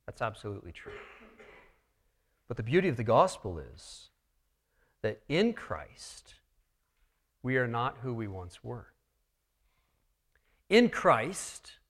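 A man preaching a sermon, walking his listeners through a text verse by verse and swinging between quiet, earnest stretches and loud, emphatic ones. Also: mid-range voice, sing-song, slow, long pauses. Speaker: pastor.

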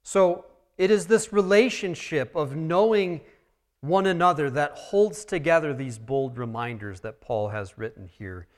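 A man preaching a sermon, walking his listeners through a text verse by verse and swinging between quiet, earnest stretches and loud, emphatic ones. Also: a little high, lively intonation, unhurried. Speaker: pastor.

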